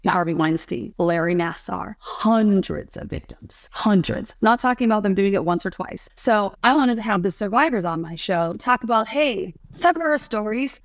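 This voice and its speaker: A woman's voice: medium pitch, no room sound. A middle-aged woman, a former model, speaking earnestly and repeating herself as a guest in an emotional interview. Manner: earnest, repetitive, heartfelt.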